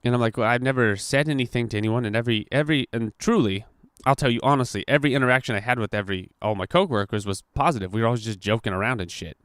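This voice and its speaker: A man's voice: medium pitch, very fast, clean tone, no room sound, clean studio sound. A young man hosting a podcast, casually telling a story with lots of swearing and acted-out quotes. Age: young adult. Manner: profane, animated retelling with acted-out quotes. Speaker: podcast host.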